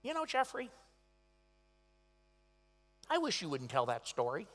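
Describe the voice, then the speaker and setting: A man voicing his frank, scolding elderly mother in a high-pitched, indignant voice. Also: wildly swooping pitch, measured pace, a bit bright, a little hiss or hum, exaggerated voice. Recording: echoey convention hall.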